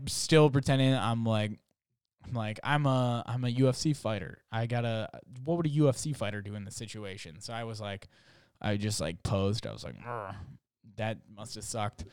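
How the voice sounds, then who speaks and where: A man's voice: medium pitch, moderate pace, smooth, no room sound, studio quality. A man telling a funny story in a casual, rambling way, full of fillers and restarts.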